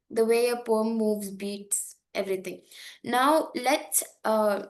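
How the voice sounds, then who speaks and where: A young woman leads a poetry workshop at an unhurried pace, her voice sitting a little high. She explains patiently, with frequent fillers and small check-ins with her listeners. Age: young adult. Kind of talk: online lesson with slides.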